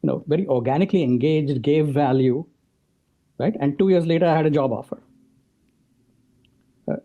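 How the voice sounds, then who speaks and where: A mellow man with a fairly high voice speaks at a normal pace as a podcast guest, explaining his ideas in conversation and checking in with "right?" The audio is dull.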